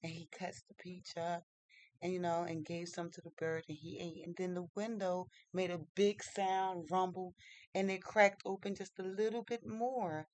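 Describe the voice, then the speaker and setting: A storyteller retelling a fairy tale casually, halting, with many fillers, restarts and loose informal grammar. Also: medium pitch, level tone, no echo, low-quality recording.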